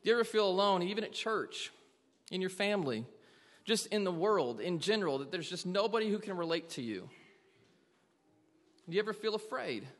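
A man's voice: sits high, big pitch swings, normal speed, pauses often, fairly bright tone, big-room sound. A man preaching a sermon to a congregation, earnestly asking them question after question. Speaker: pastor.

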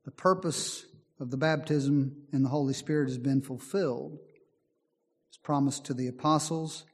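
Earnest preacher in an echoing hall. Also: male voice, mid-range voice, steady tone, normal speed, husky. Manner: earnest, emphatic, reads scripture aloud. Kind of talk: sermon. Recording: long hall reverb.

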